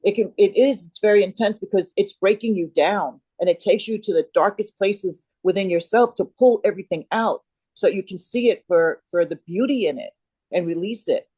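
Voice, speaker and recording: A woman's voice: mid-range voice, normal speed, mellow, breathy edge, dry recording, rough recording. A middle-aged woman chatting as an interview guest, rambling and restarting as she searches for words. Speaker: guest, Kambo facilitator. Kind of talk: casual interview chat.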